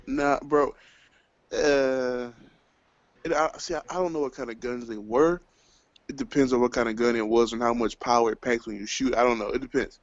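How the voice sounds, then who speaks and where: A man chiming in on a friends' movie chat with low-key, hesitant remarks. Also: steady tone, normal speed, dry recording. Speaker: friend in the room. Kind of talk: casual chat. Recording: dull lo-fi audio, faint background noise.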